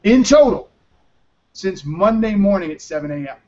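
An exhausted man hosting a live talk show, his voice pitched fairly high for a man. He rambles and talks bluntly, swearing now and then. The sound is muffled and lo-fi. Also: expressive, moderate pace, dark tone. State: exhausted from little sleep. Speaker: show host. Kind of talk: casual live-show chat. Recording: muffled lo-fi audio.

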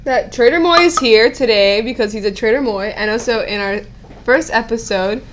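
A woman's voice: a little high, normal speed, slight background noise. A woman co-hosting a casual podcast with dry, teasing humor. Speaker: podcast co-host. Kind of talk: casual chat.

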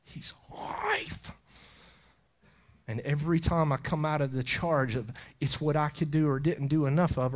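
A middle-aged male preacher with a somewhat high-pitched voice, delivering a fervent sermon. He talks with raw emotion, sinking to hushed, near-whispered lines and then rising again in force. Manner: intense, emotional, drops to whispers then surges louder. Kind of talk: impassioned sermon.

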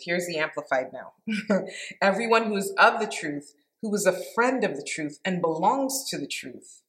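A woman's voice: on the low side, a bit bright. A woman giving an informal devotional Bible teaching, reading scripture aloud and reflecting on it in an earnest, conversational way.

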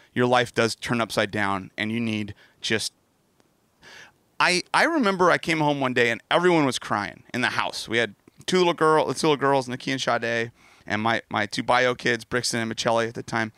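Middle-aged male pastor, bright voice, dry close sound, candid storytelling sermon. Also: medium pitch, dry recording. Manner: earnest, candid, storytelling with self-deprecating asides.

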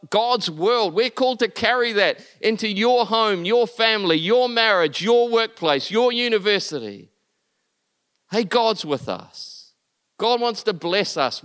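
Male pastor, high and smooth voice, earnest sermon delivery that rises and falls. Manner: earnest, building to emphatic peaks, then dropping soft and low.

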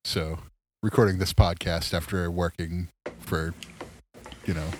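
A man's voice: low-pitched, steady tone, unhurried, no room sound. A tired man co-hosting a podcast, chatting casually about baseball and swearing freely. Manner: laid-back, swears casually. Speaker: podcast co-host. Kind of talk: casual sports chat.

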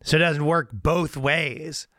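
A man, a comedian guest, telling a rambling, halting story in casual chat and laughing at his own words. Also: fairly high pitch, steady tone, noisy background.

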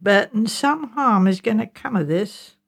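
A level-headed country doctor speaks slowly and patiently in this audiobook scene, read by a woman. The voice carries a touch of gravel, and the tone stays measured. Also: medium pitch, lively intonation, exaggerated voice. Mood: grave, explaining. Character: kindly country doctor, man, calm and thoughtful. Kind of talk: audiobook character reading.

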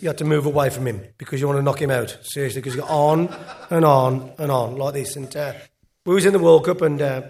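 A man's voice: medium pitch, darkish tone. A man, a former footballer, telling a rambling after-dinner story on stage with lots of repeats. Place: live event on stage.

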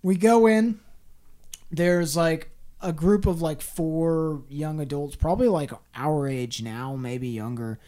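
A man in his late twenties, a podcast co-host, telling a story in animated, profane casual chat. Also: fairly high pitch, slow pace. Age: late 20s.

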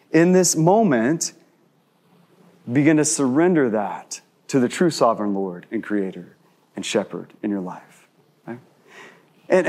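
A man in his thirties preaching a sermon in a conversational way, asking many rhetorical questions and dropping to slow, hushed emphasis on key words. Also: a little high. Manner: shifts between quick asides and slow, hushed emphasis. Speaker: pastor.

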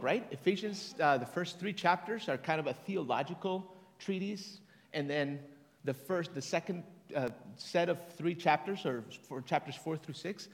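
A man preaching a sermon in a casual, conversational way, with fillers and restarts, slowing down to read scripture deliberately. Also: fairly high pitch. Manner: reads scripture slowly and deliberately. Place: church hall. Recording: long hall reverb.

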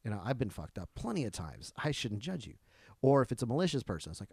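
A man, a comedian in casual podcast chat, who rambles through stories and works himself up into loud ranting. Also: medium pitch, sing-song, quick pace, creaky, husky, no room sound, clean studio sound.

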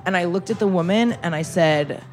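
A young woman hosting a casual chat, telling a story with lively energy and acting out the people in it. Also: fairly low pitch, brisk, loud music behind the voice. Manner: animated storyteller, acts out customers' lines. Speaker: podcast host, former waitress.

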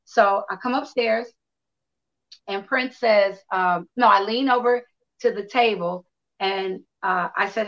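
A woman guest casually telling an animated, profane anecdote, acting out the dialogue as she goes. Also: medium pitch, slow pace, highs cut off. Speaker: interview guest. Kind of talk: casual storytelling.

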